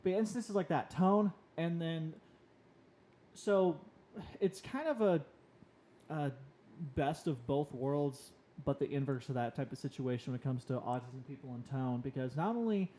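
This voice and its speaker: A young man co-hosting a casual podcast, telling personal stories and getting animated when he quotes himself. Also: on the high side, unhurried, a little hiss or hum. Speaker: podcast co-host on the autism spectrum.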